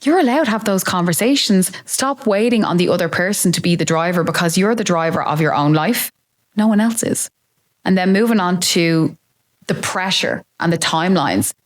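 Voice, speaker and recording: A woman's voice: fairly low pitch, normal speed. A woman in her late thirties, possibly, talking openly and reflectively about her own life as a podcast host. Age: 30s. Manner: open, reflective, confiding. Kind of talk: candid personal monologue.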